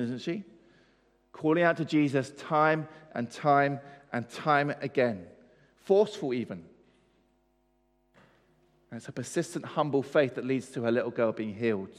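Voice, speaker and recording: A man's voice: mid-range voice, animated, normal speed, long pauses. A man preaching a sermon, pressing his points with rhetorical questions and repetition. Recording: long hall reverb.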